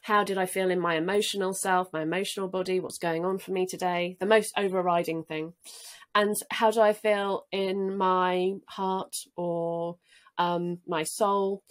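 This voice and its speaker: A woman's voice: lowish voice, steady tone, a little slow. A woman guest talking in an earnest, easygoing way, now and then laughing lightly. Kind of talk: casual interview talk.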